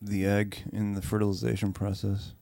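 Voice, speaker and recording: A man's voice: lowish voice, completely flat delivery, moderate pace, gravelly, dark tone, no echo. A male co-host making sarcastic, dry commentary in casual chat, swearing and trailing off mid-sentence.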